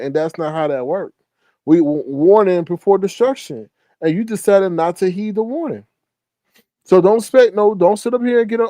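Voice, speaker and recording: Male livestream host, high voice, dark tone, dry close sound, emphatic and repetitive. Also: no room sound. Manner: emphatic, repetitive, sassy asides. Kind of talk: casual livestream commentary.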